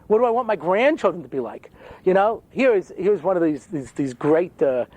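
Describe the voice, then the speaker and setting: Older guy, rabbi joking through a lecture, high voice that jumps all over. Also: normal speed, no room sound. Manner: animated storytelling with jokes and acted-out quotes. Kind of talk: humorous lecture to an audience.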